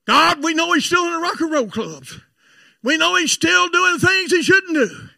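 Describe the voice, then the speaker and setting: A pleading, fervent older mother prays aloud for her son, as a male preacher puts her on. The voice sits very high and sounds bright and tense, with a gravelly edge. It is recorded close and dry. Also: moderate pace, no echo, heavily acted. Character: praying mother, older woman, earnest and pleading.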